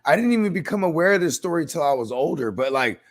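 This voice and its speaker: A man co-hosting a podcast in casual chat, loose and relaxed, often saying "you know what I mean". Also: on the high side, quick pace. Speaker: podcast co-host.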